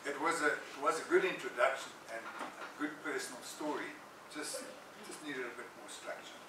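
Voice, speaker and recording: A man's voice: mid-range voice, normal speed, distant mic. A man evaluating a speech at a club meeting, weighing praise against advice in an encouraging, methodical way. He sounds set back from the mic in an echoey room. Room noise stays in the background.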